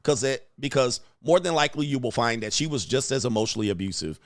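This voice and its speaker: A man hosting a casual reaction commentary, loud and mocking, full of slang and laughter. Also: medium pitch, fast, no room sound, clean studio sound. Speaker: commentary host.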